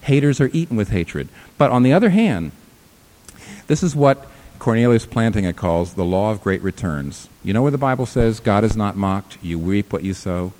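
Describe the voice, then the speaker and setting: A man preaching a sermon as pastor, emphatic, rising to loud peaks and dropping to quiet low lines. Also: animated, moderate pace.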